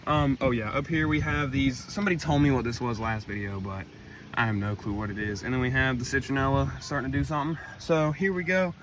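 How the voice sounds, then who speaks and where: A man's voice: medium pitch, fairly even intonation, a little fast, background noise. A young man with a cracking voice, casually walking through his plant collection, rambling with lots of ums and likes. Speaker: carnivorous plant grower giving a tour. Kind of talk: casual walkthrough vlog. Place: outdoor garden.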